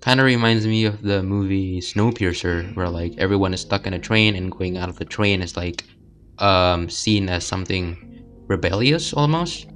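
A man's voice: sits low, normal speed, a bit bright, soft background music. A young man casually commenting while playing a video game, rambling and hesitant with lots of filler words. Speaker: let's play host.

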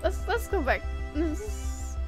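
A young woman streaming a game, chatting casually with her viewers and reacting loudly, from mumbles to shrieks. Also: extremely high pitch, takes it slowly, music in the background. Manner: expressive, swings between mumbling and shrieking in frustration; reads chat questions aloud and answers. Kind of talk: casual gameplay commentary to chat.

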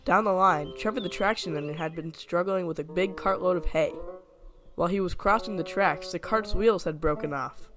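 High-voiced man narrating a storybook. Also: normal speed, music in the background.

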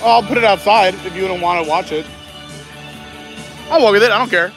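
A man's voice: high-pitched, brisk, over music. A man hosting a casual live stream outdoors at a theme park, chatting and laughing often while walking around.

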